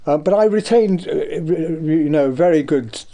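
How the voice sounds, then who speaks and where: Older Devon-raised man, mellow tone, anecdotal radio guest. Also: fairly high pitch, normal speed. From Devon, England. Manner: rambling, anecdotal, many ums. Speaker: guest, artist. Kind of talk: radio interview chat. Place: radio studio.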